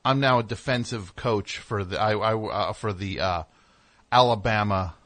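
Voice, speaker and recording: A man hosting a comedic call-in radio show, sarcastic and incredulous, riffing deadpan bits with a caller. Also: on the low side, normal speed, dry recording. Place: radio studio. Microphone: studio mic.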